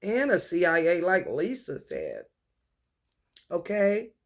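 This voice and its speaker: A woman talking in a rambling, casual monologue, profane and free-associating, with an animated delivery. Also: lowish voice, slow pace.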